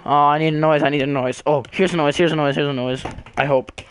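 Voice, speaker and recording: A man's voice: a little high, fairly even intonation, fast talker, slight background noise. A man chatting casually while playing a game, rambling and restless. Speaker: co-player. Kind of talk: casual gaming chat.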